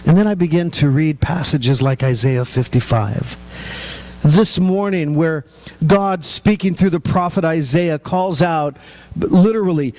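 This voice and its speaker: A middle-aged male pastor preaches with a notably high voice and a slow, deliberate pace. He keeps it conversational and joking, talking to the congregation directly. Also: darkish tone. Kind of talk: sermon.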